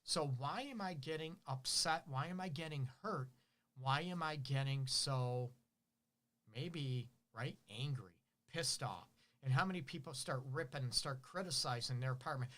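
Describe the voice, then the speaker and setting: A man's voice: a little high, animated, moderate pace, pushed and bright. A middle-aged man hosting a relationship advice show, talking casually and animatedly, asking rhetorical questions and acting out what partners say. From Detroit.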